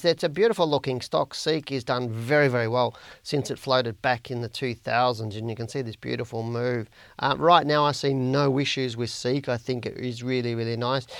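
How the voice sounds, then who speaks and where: A man's voice: mid-range voice, steady tone, normal speed, smooth, dry recording. An Australian man hosting a share trading podcast, talking casually through stock charts and viewer questions, blunt and repetitive for emphasis. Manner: chatty and blunt, repeats words for emphasis.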